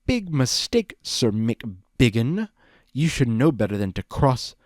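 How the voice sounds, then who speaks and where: A man's voice: mid-range voice, sing-song, slow pace, a little mellow, dry recording, clean studio sound. A man voicing a mischievous, smug male chaos spirit in a storybook reading, teasing and drawn out. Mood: startled.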